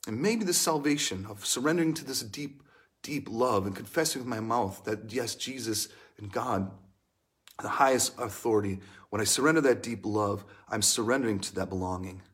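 A young adult man, a pastor, preaching a sermon in an earnest, emotional way, dropping to hushed lines and rising in bursts. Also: on the low side, moderate pace.

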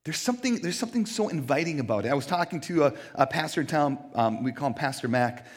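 A man in his thirties preaching a sermon in an animated, joking, self-deprecating way. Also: on the high side, fast talker, husky. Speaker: pastor.

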